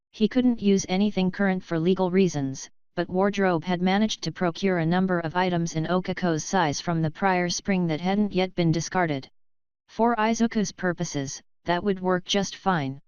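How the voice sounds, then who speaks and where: A woman reads a fan fiction audiobook in a calm, even manner. Her voice sits a little low and comes through very clean and dry. The recording sounds slightly dull. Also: smooth, dry recording. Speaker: narrator.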